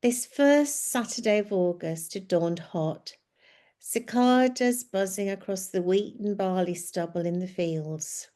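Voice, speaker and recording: A woman telling a story in a scripted narration, reading in a gentle, descriptive way. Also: mid-range voice, a little slow.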